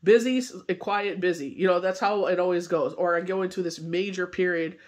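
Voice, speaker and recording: High-voiced man giving a rambling tarot forecast. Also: fairly even intonation, a little fast. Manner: rambling, loose delivery full of "you know" fillers. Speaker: tarot reader and medium. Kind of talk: casual spoken tarot forecast.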